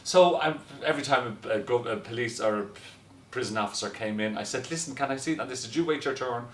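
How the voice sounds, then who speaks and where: A man telling a story in a lively, casual way, often laughing as he goes. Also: mid-range voice, fast. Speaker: guest telling stories. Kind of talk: casual anecdote. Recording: roomy echo, distant from mic, faint noise.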